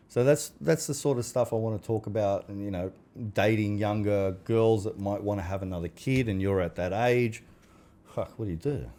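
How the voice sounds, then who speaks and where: A blunt man in his forties chats on a podcast in a fairly low voice. He swears freely and slips into little acted-out exchanges as he tells his stories. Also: dark tone. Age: 40s. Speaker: podcast guest. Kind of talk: casual chat.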